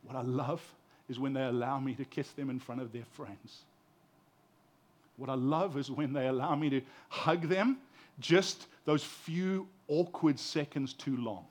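With a mid-range voice and an unhurried delivery, this man in his forties preaches passionately as a pastor. He drops from forceful emphasis to quiet tenderness, repeating words as his point builds.

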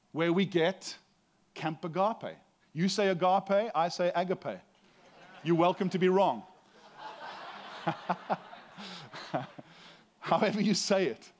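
A middle-aged man, a pastor, giving a conversational sermon with frequent restarts and a self-deprecating humor. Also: high voice.

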